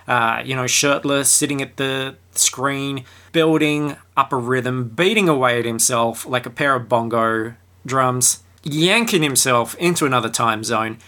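A man with a bright, forward voice and mid-range pitch delivers a comedic film review monologue. He talks in an irreverent, crude and sarcastic way, with plenty of mockery.

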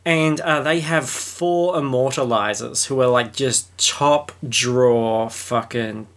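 A man's voice: mid-range voice, takes it slowly, a bit bright. A man co-hosting a podcast, casually explaining a show with plenty of fillers. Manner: rambling, laid-back explaining with fillers. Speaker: podcast co-host. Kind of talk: casual chat.

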